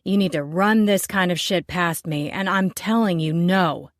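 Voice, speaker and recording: A woman's voice: fairly low pitch, no room sound, close to an everyday voice. Angry bar co-owner, a man who snarls and leans hard on his words, put on by a female reader; dry, close recording. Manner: loud, slow, snarling emphasis. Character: cranky slick man, bar co-owner, hot-tempered.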